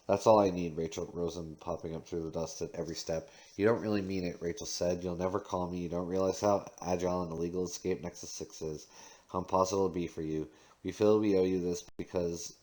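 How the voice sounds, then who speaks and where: An audiobook reader with a low, warm voice reads a novel aloud, voicing both narration and dialogue in his own voice. He makes occasional small slips and restarts.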